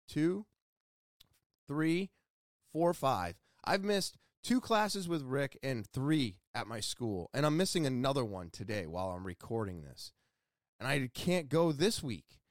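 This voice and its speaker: A man's voice: medium pitch, no room sound, clean studio sound. A man hosting a casual solo podcast, talking candidly and swearing freely as he scolds himself, while nursing sore ribs from a torn muscle. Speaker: podcast host.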